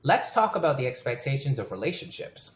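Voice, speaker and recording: Female podcast host, deep-toned, frank storyteller, roomy echo. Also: sing-song, brisk, slight background noise. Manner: candid, storytelling, swears freely. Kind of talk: casual podcast chat.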